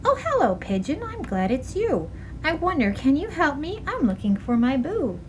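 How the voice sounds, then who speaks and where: A woman's voice: sits high, sing-song, moderate pace, a little hiss or hum, rough recording. A woman voicing a sweet, hopeful little girl ghost in a storybook reading, with a polite sing-song manner.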